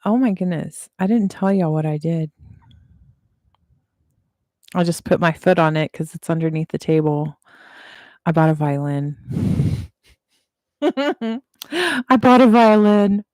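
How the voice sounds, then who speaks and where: A woman in her forties gives a casual tarot reading on a livestream from a table at home. Her voice sits fairly low and the sound is close and dry. She repeats her reassurances over and over and drifts into chatty asides. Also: fairly even intonation, unhurried, pauses often, warm tone, no room sound. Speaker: tarot reader.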